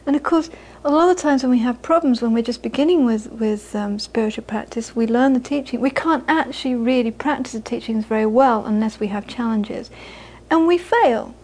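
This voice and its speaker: A woman's voice: a little high, a little fast, few pauses, darkish tone, poor audio. A middle-aged woman teaching Buddhism in an informal talk, chatty and repeating phrases for emphasis, often laughing. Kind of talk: informal dharma talk to an audience.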